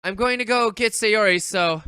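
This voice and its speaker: A streamer reads a visual novel's text aloud and reacts in an animated, casual way, swearing now and then. The voice is bright and crisp, with a dry, close sound. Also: medium pitch, moderate pace, no room sound. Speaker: streamer playing a game. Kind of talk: casual let's-play commentary and reading.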